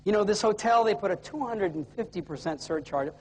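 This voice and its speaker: A man's voice: high voice, expressive, fairly quick, voice pushed down. A man doing a smug penny-pinching husband. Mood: coaxing. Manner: wheedling on the phone, huffy over bills. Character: middle-aged male colleague, thrifty, smug husband. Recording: long reverb of a hall.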